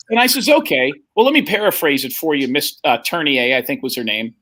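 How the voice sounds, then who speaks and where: A man's voice: fairly high pitch, expressive, fast talker, hardly any pauses, bright, forceful tone. A middle-aged man telling a long, profane story in casual chat and acting out the other people's lines. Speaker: podcast host telling a story.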